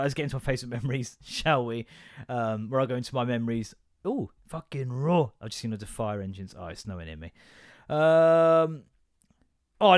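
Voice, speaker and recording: Sweary man, higher voice. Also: fairly bright tone. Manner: sweary, chatty, laughs often, jumps between rants. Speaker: podcast host. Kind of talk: solo casual podcast rant.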